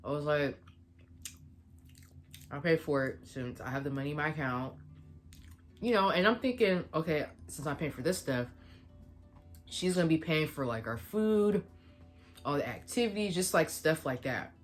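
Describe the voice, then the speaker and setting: A woman's voice: low voice, lively intonation, moderate pace, pauses often, faint music behind. A young woman vlogger retelling a story in a casual storytime, quoting the back-and-forth of a conversation.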